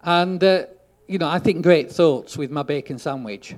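A man preaching a sermon, telling a story and acting out the dialogue, getting loud for emphasis. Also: on the high side, normal speed.

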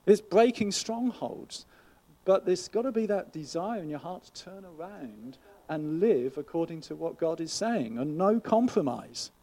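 Earnest pastor with a mellow voice. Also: male voice, fairly high pitch, animated, unhurried. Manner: conversational, earnest teaching with rhetorical questions. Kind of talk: sermon.

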